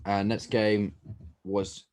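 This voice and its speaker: A man with a fairly low voice, co-hosting a casual football podcast. He teases his friend and swears freely as he talks through the matches. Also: little pitch movement, slow, darkish tone. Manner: swears freely, teasing banter. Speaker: podcast co-host.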